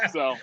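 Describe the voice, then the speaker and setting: A man telling an animated story on a video call, acting out the voices of other people. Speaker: guest. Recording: dry muffled video-call audio.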